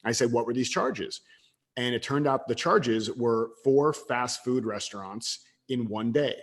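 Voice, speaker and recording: A man in his thirties, a podcast guest telling a story from his past in an animated way, with quick bursts of louder talk and stammered restarts. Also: mid-range voice. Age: 30s. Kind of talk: casual storytelling interview.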